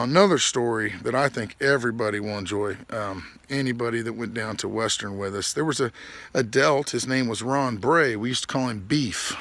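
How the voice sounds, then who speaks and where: A man in his forties hosts a podcast with animated, comic storytelling. He talks in an excitable, foul-mouthed way and laughs as he spins his tale. His voice sits at an ordinary pitch for a man. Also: no room sound. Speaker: podcast host.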